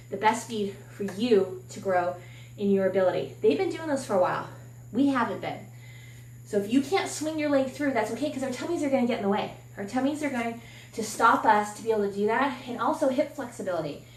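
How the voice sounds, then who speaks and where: A woman's voice: fairly high pitch, animated, brisk, distant mic, slight background noise. A woman fitness coach talking candidly and encouragingly while demonstrating a workout, sometimes slightly out of breath. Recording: echoey room from off-mic.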